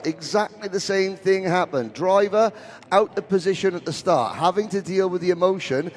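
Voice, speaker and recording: A man doing live karting commentary, cutting in with quick, excitable play-by-play. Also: fairly high pitch. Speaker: race commentator.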